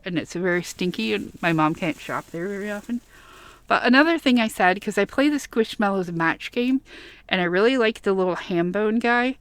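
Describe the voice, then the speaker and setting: Woman vlogger, casual gushing chat, mid pitch, slightly worn voice, dry room. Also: no echo. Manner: gushing, chatty, giggly asides. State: voice getting worn. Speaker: vlogger showing a plush haul.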